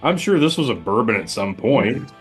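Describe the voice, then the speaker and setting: A sardonic man co-hosts a whiskey tasting, cursing freely and cracking jokes. His pitch swings widely as he riffs. Soft music hums faintly in the background. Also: sing-song, normal speed, breathy edge. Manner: sardonic, profane, jokey. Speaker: co-host of a whiskey review show. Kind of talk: casual tasting chat.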